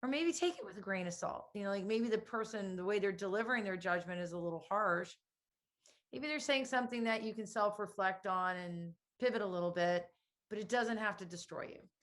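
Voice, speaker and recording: A woman's voice: mid-range voice, brisk. A woman hosting a conversation, chatty and hesitant, full of fillers as she tells a story. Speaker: host. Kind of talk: conversational interview.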